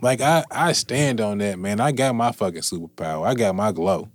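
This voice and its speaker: A man in casual podcast chat, animated and profane, repeating himself. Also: lowish voice, normal speed, dry recording, studio quality.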